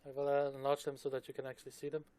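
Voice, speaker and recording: A man running a tabletop game session, casual and hesitant, muttering quiet asides as he checks his notes. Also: mid-range voice, monotone, racing, smooth. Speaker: game master.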